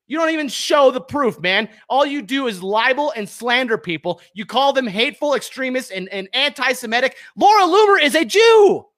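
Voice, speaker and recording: A fired-up man hosting his own podcast, ranting heatedly and then calmly giving plugs. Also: very high-pitched, moderate pace, few pauses. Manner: fired up, shouting accusations, then calm plugs. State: sweating, worked up. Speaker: podcast host. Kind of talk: heated political rant.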